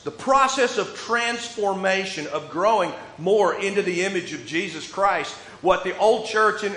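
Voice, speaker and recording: A man pastor preaching a sermon in a casual, joking way, moving between loud emphasis and quiet asides. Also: high-pitched. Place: church sanctuary. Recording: echoey room with faint ambience.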